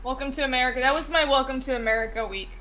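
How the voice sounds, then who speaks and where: A woman's voice: high-pitched, racing, sharp tone, a little hiss or hum, poor audio. A woman co-hosting a casual stream, chatting and rambling with lots of fillers. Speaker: co-host.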